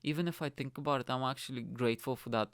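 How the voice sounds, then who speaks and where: A man's voice: mid-range voice, quick pace, no echo, clean studio sound. A young man from Bulgaria hosting his own show, telling a long, rambling personal story and acting out the voices of people in it. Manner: rambling, animated, acts out quoted voices. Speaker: podcast host. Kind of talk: casual storytelling monologue.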